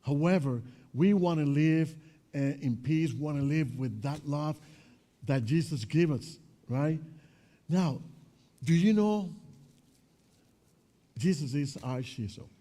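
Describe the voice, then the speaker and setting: Dark-voiced man teaching children. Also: fairly high pitch, takes it slowly, pauses often. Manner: asks the children questions, mixes in Spanish. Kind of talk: children's church lesson.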